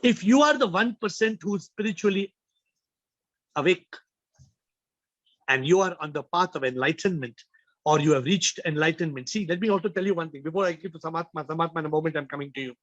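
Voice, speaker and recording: Male spiritual teacher, high-pitched, emphatic, on a dull, dry call line. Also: brisk, a bit bright, dry recording. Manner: emphatic, repeats phrases, rhetorical questions. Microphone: video call.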